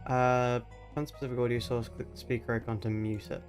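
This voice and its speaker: An Australian man talks through a live game stream at his home desk microphone, rambling and thinking out loud as he plays. He keeps his voice mid-range and makes fun of himself, with faint music playing underneath. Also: medium pitch, flat delivery, fairly quick. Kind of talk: live let's-play commentary.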